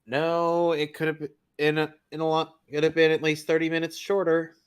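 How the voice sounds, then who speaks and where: A man's voice: fairly high pitch, monotone, moderate pace, clear, resonant tone. A man co-hosting a casual movie chat, blunt and opinionated, swearing casually. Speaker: podcast co-host.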